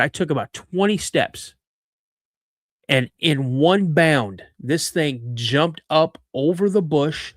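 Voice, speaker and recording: A man hosting a podcast, telling a story in an animated way with frequent restarts and asides. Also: medium pitch, no echo, clean studio sound. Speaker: podcast host.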